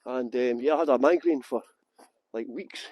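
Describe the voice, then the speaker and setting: Here the same kind of scene plays out: a Scottish man leads a live stroll through outdoor gardens, phone in hand, trading joking, facetious remarks with the people watching. He speaks at medium pitch and a moderate pace, captured in a dry, dull-sounding recording.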